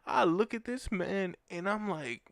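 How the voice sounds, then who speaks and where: A young man hosting a fan show, telling a story in casual, animated chat full of slang. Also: sits high, unhurried, creaky, dry recording, clean studio sound. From Orlando, Florida. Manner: animated, slangy, says bro a lot.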